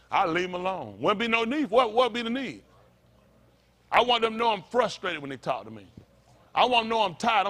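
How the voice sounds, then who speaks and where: A man's voice: high-pitched, a bit bright. A male pastor preaching a fiery, blunt sermon, full of profanity and call-and-response asides.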